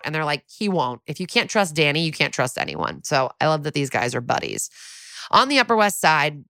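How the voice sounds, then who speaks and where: A woman's voice: sits low, very animated, fairly bright tone, no room sound. Chatty woman recapping an episode. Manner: chatty, acts out characters' lines in quick impressions. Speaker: podcast co-host.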